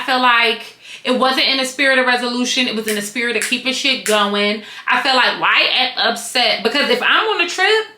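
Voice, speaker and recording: A woman with a fairly high, bright, forceful voice chats through a slangy review. She drifts off into asides and comes back to them. Her voice rings around an echoey room. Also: a little fast. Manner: slangy, animated, wandering into tangents. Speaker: reality TV and wig reviewer. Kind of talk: casual chatty review.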